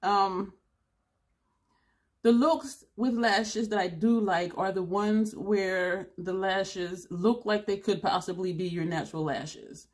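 A woman's voice: mid-range voice, steady tone, takes it slowly. A woman in her fifties chatting casually to camera as a beauty vlogger, blunt and rambling, laughing now and then, a little tired. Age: 50s.

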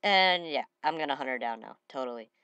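A slightly sniffly woman giving excitable gameplay commentary, breaking into shouted trash talk. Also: rumbling low, a little fast, clean tone, no room sound, highs cut off. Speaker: gamer.

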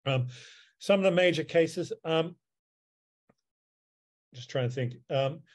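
A man's voice: a little high, a little mellow. A man, a solicitor advocate, answering questions after his seminar talk on a video call, in a discursive way with many fillers and repeated words.

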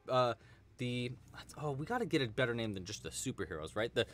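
A man's voice: medium pitch, big pitch swings, brisk, fairly bright tone. A man hosting a live crochet stream, chatting casually and explaining stitches with many fillers.

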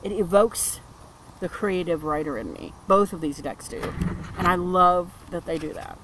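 A man's voice: high voice, a little slow, long pauses, a bit bright, slight background noise, poor audio. A man sharing tarot decks in a casual vlog, gushing and sentimental as he talks. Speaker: tarot card reader. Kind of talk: casual vlog, showing and reading cards.

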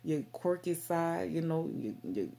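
Low gravelly woman vlogging to camera. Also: big pitch swings, unhurried, warm tone. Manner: rambling, repetitive fillers. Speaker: faith vlogger. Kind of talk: casual talk to camera.

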